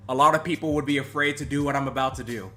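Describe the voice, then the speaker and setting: A man hosting a livestream, mock-emotional, jumping between loud outbursts and hushed mumbling. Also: medium pitch, fairly even intonation, very fast, soft background music. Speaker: host. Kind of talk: livestream commentary.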